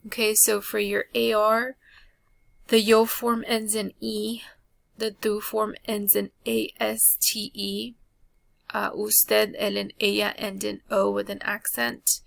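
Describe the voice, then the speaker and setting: A woman's voice: mid-range voice, creaky, no echo. A woman teaching a Spanish grammar lesson, talking students through a chart with frequent ums and uhs. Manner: slow, flat delivery with frequent ums and uhs. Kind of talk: recorded classroom lesson.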